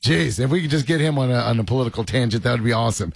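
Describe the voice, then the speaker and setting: A man's voice: medium pitch, animated, very fast, vocal fry, breathy edge, no room sound. A man hosting a sports radio show in casual banter, joking and rambling with frequent laughs.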